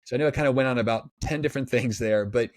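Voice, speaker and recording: A man talking as a sports psychologist guest in a casual podcast interview, energetic and acting out pep talks. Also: mid-range voice, very fast, dry recording. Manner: energetic, acts out pep talks in quoted voices.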